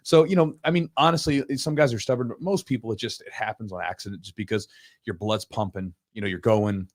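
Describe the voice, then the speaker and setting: A man hosting a podcast, telling coaching stories in a casual, animated way. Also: on the low side, no echo, clean studio sound. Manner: animated storyteller, quick, acts out quotes. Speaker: podcast host, jiu-jitsu coach. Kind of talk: casual storytelling chat.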